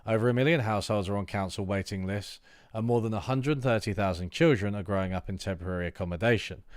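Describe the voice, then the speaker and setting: Low-voiced man reading aloud. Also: no room sound, clean studio sound. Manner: reads text aloud, then breaks off into loose asides with fillers. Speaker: streamer reading political manifestos. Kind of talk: livestream reading aloud with commentary.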